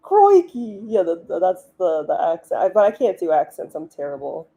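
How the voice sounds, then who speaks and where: Mellow-voiced chatty woman streamer. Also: lowish voice, brisk, creaky, slightly rough. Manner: chatty, giggly, many "like" fillers. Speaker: livestream host, author. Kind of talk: casual live-stream chat.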